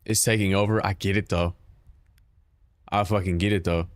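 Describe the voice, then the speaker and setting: A man's voice: low-pitched, fairly even intonation, moderate pace, no room sound. A man streaming a game, chatting casually and profanely with his viewers, joking and talking back to chat.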